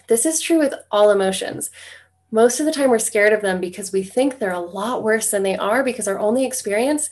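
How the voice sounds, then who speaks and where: A young adult woman working as a divorce coach, talking straight to her listeners in an easygoing way and checking in with "right?" as she goes. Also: mid-range voice. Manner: conversational, tags points with "right?". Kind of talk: direct-to-camera coaching talk.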